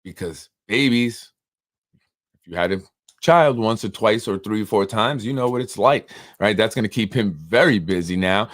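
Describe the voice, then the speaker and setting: Live-stream host, male, New York accent, lowish voice, dry close sound, chatty and meandering. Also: lively intonation, moderate pace, a bit bright, dry recording. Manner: rambling storytelling, many fillers. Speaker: host of a local politics show. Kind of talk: casual live-stream commentary.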